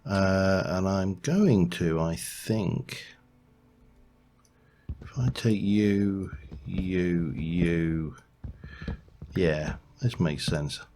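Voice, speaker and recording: A man with a low, deep voice talks through a building game at a slow, easy pace. He rambles and corrects himself as he works, and hums tunelessly to fill the pauses. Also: dark tone, slight background noise. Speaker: let's play host. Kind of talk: gameplay commentary.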